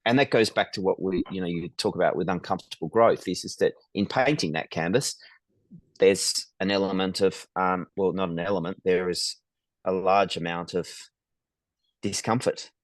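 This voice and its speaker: Low-voiced reflective middle-aged man. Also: moderate pace, no room sound. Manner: reflective, frequent ums and restarts. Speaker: guest, business founder. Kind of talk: conversational interview storytelling.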